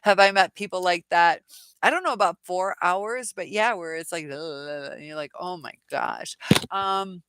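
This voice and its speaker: A woman's voice: on the low side, moderate pace, fairly bright tone, smooth, dry recording. A woman hosting a casual live stream, answering viewer comments in a chatty way, laughing often, with many fillers and restarts.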